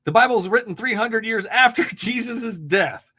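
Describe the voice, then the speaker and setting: A man's voice: high-pitched, expressive, moderate pace, sharp tone, breathy edge. A man hosting a live call-in debate podcast, blunt, mocking and profane, laughing often. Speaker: host.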